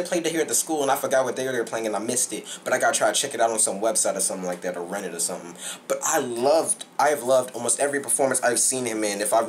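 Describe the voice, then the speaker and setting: A man's voice: mid-range voice, slight background noise. Young guy reviewing a film, hyped and rambling, circles back to the same points. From Southern United States. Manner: excited, rambling, repeats himself. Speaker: movie reviewer. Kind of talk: casual movie review.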